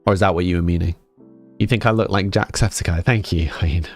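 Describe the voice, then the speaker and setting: A man's voice: low-pitched, a little fast, faint music behind. A man from Scotland, streaming and casually chatting, reading viewer comments aloud and answering with frequent laughs. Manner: reads viewer comments aloud and chats back, laughing often. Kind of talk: casual chat.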